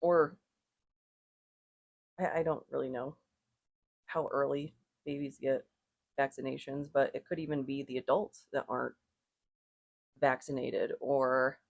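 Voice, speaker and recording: Casual rune reader, middle-pitched voice, loose and rambling, dry close sound. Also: fairly even intonation, measured pace, creaky, pauses often, dry recording, muffled recording. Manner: meandering, thinks aloud, self-correcting, chuckles often. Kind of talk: casual spoken reading to viewers.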